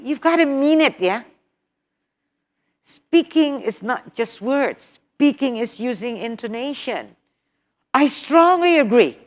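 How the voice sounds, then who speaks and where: A woman instructor giving a workshop lecture on English test preparation, animated, repeating key points with rhetorical questions. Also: a little high. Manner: acts out example phrases with exaggerated intonation.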